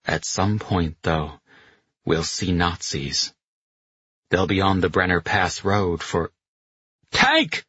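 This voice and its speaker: A man voicing a brisk German general giving orders. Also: sits low, steady tone, fairly bright tone, slightly rough, dry recording, dull audio, exaggerated voice. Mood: directive. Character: commanding German army general, middle-aged man.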